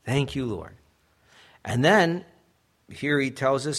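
A man's voice: medium pitch, expressive, slow pace, fairly bright tone. A young adult man, a pastor, preaching a sermon in an earnest way that builds to emphatic peaks.

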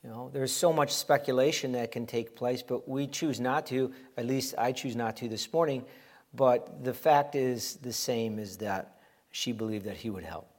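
A middle-aged man preaching a sermon as pastor, animated and emphatic, acting out quoted voices. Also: mid-range voice, normal speed.

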